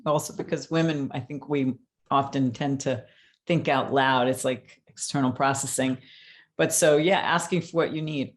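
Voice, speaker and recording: A woman leading a support group, speaking gently and encouragingly to the mothers. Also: sits low, steady tone, normal speed.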